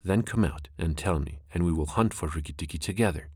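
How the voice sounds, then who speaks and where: A man's voice: low-pitched, fairly quick, a little mellow, breathy edge, no room sound, studio quality. A man voicing a cunning, ruthless female cobra in a storybook reading, scheming and commanding.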